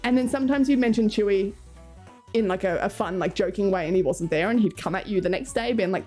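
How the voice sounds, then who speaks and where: A woman's voice: medium pitch, lively intonation, fast talker, mellow. A young Australian woman streaming, chatting casually with her viewers in a playful, rambling way. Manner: playful, rambling, laughs often, swears. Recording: faint music behind.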